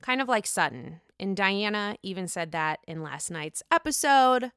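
A woman's voice: medium pitch, sing-song, normal speed, fairly bright tone, clean tone, dry recording, studio quality. A young woman hosting casual reality TV gossip commentary, sassy and profane.

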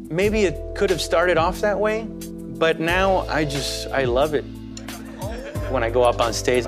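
A man calmly reflecting in an interview, speaking in a thoughtful, measured way with some small restarts. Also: mid-range voice. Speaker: comedian interviewee. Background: guitar music.

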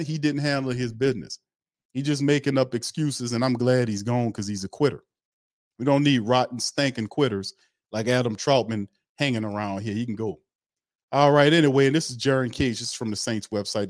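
A man's voice: medium pitch, no room sound, clean studio sound. A man hosting a sports podcast, giving blunt, fired-up opinion commentary, repeating his points and laughing between remarks.

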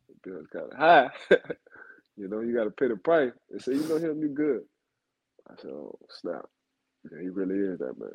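A man's voice: mid-range voice, sing-song, normal speed, pauses often, a little mellow, husky, muffled recording. A man co-hosting a football talk show, telling stories and repeating names for emphasis in casual chat. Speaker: football analyst co-host.

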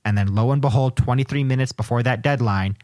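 A man co-hosting a sports podcast, talking in a casual, emphatic way. His pitch sits in the middle, and he drives his points home as if arguing a case. The sound is dry and close, with no room echo. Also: quick pace, a little mellow. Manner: emphatic, argumentative. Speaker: podcast co-host.

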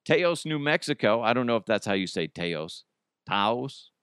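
A man's voice: mid-range voice, expressive, fast talker, a bit bright, smooth, dry recording, clean studio sound. A man hosting a comedy podcast, riffing on news stories in a crude, rambling way and laughing at his own jokes. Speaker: podcast host. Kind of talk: casual comedic commentary.

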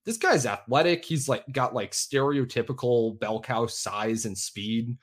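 A man co-hosting a fantasy football podcast, talking in a relaxed, self-deprecating way with halting restarts. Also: medium pitch. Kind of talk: casual podcast chat.

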